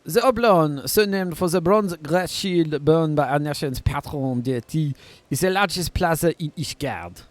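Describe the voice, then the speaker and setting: A man's voice: on the high side, unhurried, no echo, pitched above the performer's own voice, natural voice. A man doing a pompous manservant in a fake French accent. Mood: stately. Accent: put-on French. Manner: stately, formal tour-guide delivery with stumbles. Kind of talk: reading game dialogue aloud.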